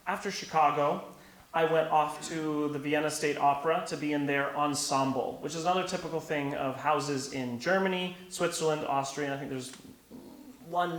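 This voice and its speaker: Animated young man in an echoey room. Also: on the high side. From Canada. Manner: animated storyteller who laughs while telling anecdotes. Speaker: opera singer, interview guest. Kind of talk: conversational interview. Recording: echoey room with faint hiss.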